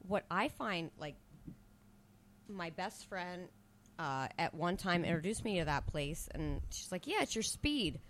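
A woman's voice: lowish voice, a little hiss or hum. A woman guesting on a podcast, blunt and profane in casual banter. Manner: blunt, profane, quick to laugh.

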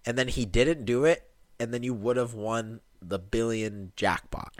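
A man's voice: medium pitch, measured pace, no echo. A young man co-hosting a casual podcast chat, telling stories with lots of swearing and laughter. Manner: animated storytelling, swears a lot, laughs often. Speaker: podcast co-host.

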